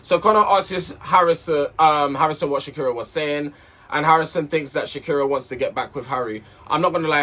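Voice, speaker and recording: A man's voice: fairly high pitch, fairly quick, pushed and bright. A man recapping a reality show in a casual, heated, sweary rant, repeating himself as he vents.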